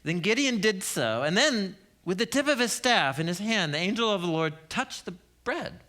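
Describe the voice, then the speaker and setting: A male Bible teacher in his thirties delivers a sermon as a humorous storyteller who laughs often. His voice sits a little high, with lively, wide swings in pitch and a bright tone. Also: normal speed.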